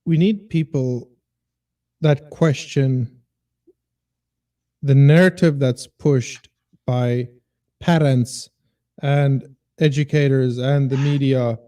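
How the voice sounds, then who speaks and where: A man's voice: medium pitch, fairly even intonation, slow, pauses often, mellow. A man who teaches, a guest on a casual podcast, making his points with emphatic repetition and a preachy tone.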